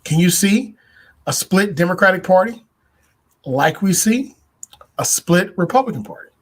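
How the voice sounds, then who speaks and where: A man with a fairly high voice talks through his views as the host of a podcast. He speaks deliberately, stacking up repeated phrases and rhetorical questions to drive each point home. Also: animated, husky. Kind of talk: political commentary monologue.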